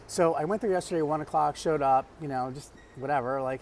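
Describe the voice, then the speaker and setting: A man's voice: fairly high pitch, a little fast, a little mellow. Guy vlogging a travel story, chatty, lots of ums, faint background hum. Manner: chatty, many fillers and restarts. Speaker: vlog host. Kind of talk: casual storytelling vlog. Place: traveling abroad, outdoor ambience.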